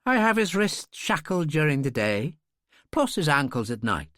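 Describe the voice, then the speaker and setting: A man voicing a big, steady man who speaks in a calm, matter-of-fact way. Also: a little high, normal speed, no echo, clean studio sound.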